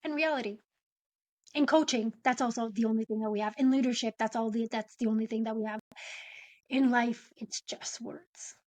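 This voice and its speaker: Woman coach on a podcast, high voice, super dry close sound, acts out little example lines. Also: a little fast, no room sound. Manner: animated explainer, acts out example phrasings. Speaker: podcast guest, business and mindset coach. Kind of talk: conversational interview.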